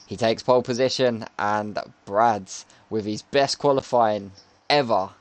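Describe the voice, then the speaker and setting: A man's voice: on the low side, measured pace. A man commentating live on an online racing league, chatty and jokey as he calls the laps. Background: music.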